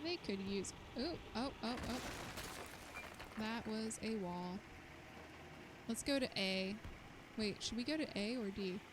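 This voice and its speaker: A woman's voice: medium pitch, measured pace, pauses often. A woman immunologist streaming a shooter game, chatting to viewers and yelping when things go wrong. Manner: excitable, yelps and chatters to viewers while playing. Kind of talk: live-streamed gameplay commentary. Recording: loud game noise behind voice.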